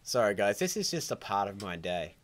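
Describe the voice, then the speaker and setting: Low-voiced man rambling on a stream. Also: sing-song, brisk. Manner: rambling, opinionated, self-interrupting. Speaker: live stream host. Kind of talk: casual rambling live stream chat. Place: at home by a computer, child nearby.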